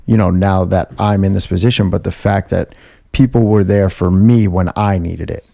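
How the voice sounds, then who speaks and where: Brief: male co-host, very low and gravelly, mellow tone, sincere and reflective. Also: fairly even intonation, normal speed, no echo, studio quality. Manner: earnest, reflective, grateful. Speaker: podcast co-host. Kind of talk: casual podcast chat.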